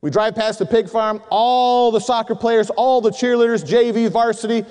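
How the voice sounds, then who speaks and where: High-pitched middle-aged preacher guy telling stories to a men's group, lots of reverb. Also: moderate pace, clean tone. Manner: storytelling, animated, acts out voices in anecdotes. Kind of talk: sermon to men. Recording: long hall reverb.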